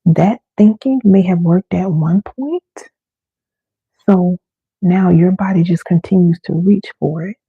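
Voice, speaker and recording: A woman with a husky, gravelly voice leads a slow, soothing live self-help session. The sound is thin and phone-like, and the room is dry with no echo. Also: lowish voice. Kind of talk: live-streamed guided wellness talk.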